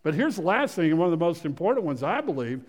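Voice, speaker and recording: A man preaching a sermon, swinging from loud emphasis to hushed storytelling, often repeating phrases and restarting sentences. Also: fairly high pitch, big pitch swings, fast. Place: church sanctuary. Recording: long reverb of a church hall.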